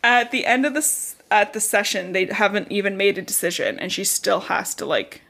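A woman's voice: mid-range voice, fairly quick, gravelly, fairly bright tone. A young woman co-hosting a podcast, recapping chapters in a casual, chatty way, peppered with "like" and the odd swear word. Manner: chatty, frequent "like", swears casually, acts out characters' lines. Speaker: podcast co-host. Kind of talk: casual book recap chat.

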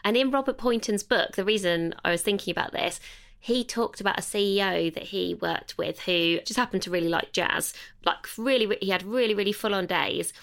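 British woman podcast co-host, mid-pitched, anecdotal and hesitant. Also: a bit bright. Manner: storytelling, hesitant, self-correcting. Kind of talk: casual podcast chat.

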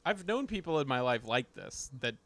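A man co-hosts with quick, playful banter. His voice is bright and sits a little high, with a lively, bouncing pitch. The sound is close and dry. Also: no echo. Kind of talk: casual chat.

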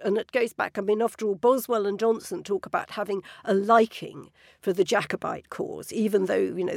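A woman hosting a conversation, asking articulate, measured questions. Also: mid-range voice, gravelly, a little mellow, no echo, studio quality. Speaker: host. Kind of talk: conversational interview.

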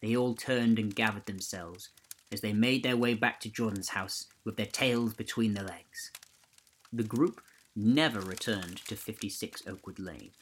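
A man hosting a podcast, reading a ghost story aloud in a steady, measured way. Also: lowish voice, a little hiss or hum, low-quality recording. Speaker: podcast host and narrator.

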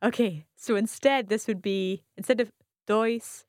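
A woman's voice: mid-range voice, unhurried, darkish tone, no room sound, clean studio sound. A woman with a Scottish accent co-hosting a language podcast as the learner, asking careful follow-up questions. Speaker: learner co-host.

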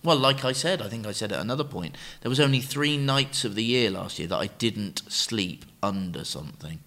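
Easygoing lower-voiced man. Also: lively intonation, brisk, bright, forceful tone. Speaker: podcast co-host. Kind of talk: casual chat.

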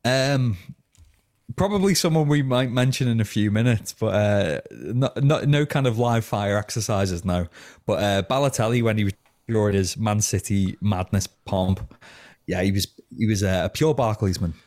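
Lower-voiced guy on a football podcast, teasing and wry, chatting casual. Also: normal speed, a little mellow. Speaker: podcast co-host.

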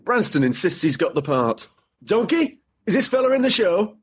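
A blunt, grumbling show organiser. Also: male voice, high voice, sing-song, moderate pace, breathy edge, full character voice. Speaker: amateur show director.

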